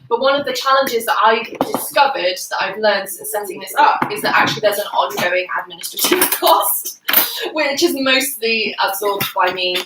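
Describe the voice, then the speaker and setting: Speaking in a slightly high voice, a woman who is an artistic director and choir leader chats casually on a livestream from her home kitchen. She's chatty and explanatory and laughs often. The mic sits far off in the echoey kitchen, picking up clear background noise.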